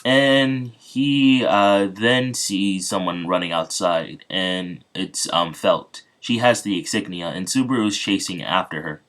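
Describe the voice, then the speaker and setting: Low-voiced man retelling a story. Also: unhurried, few pauses, a bit bright. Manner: rambling, many fillers.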